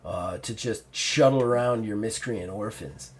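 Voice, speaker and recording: A man's voice: fairly low pitch, measured pace, voice pushed down, close to an everyday voice. A man voicing a sarcastic, wisecracking woman who lives on a mountain, in a tabletop game.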